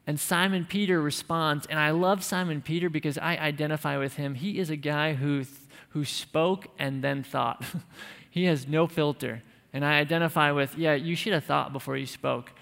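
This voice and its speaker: A male pastor preaches in an emphatic, conversational way with light humor. His voice sits slightly high. A long church-hall reverb trails his words. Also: steady tone, moderate pace, fairly bright tone. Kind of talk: sermon.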